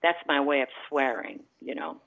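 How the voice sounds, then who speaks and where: A woman caller from the Midwest with a low voice, speaking over a muffled phone line. She rambles and pauses often, filling gaps with fillers as she tells her story. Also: expressive, creaky, a bit bright. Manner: rambling, halting with many fillers. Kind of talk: phone-in chat.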